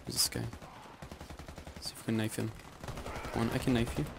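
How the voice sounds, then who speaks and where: A young man giving live gameplay commentary as channel host, rambling and often laughing or yelling at the game. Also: fairly low pitch, big pitch swings, fairly quick, gravelly, noisy background.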